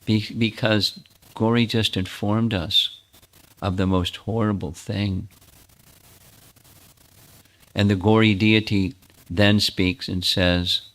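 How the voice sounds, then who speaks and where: Deep-voiced man retelling a sacred story. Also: a little slow, pauses often. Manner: animated storyteller, frequent restarts. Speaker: spiritual teacher. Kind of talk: sermon storytelling.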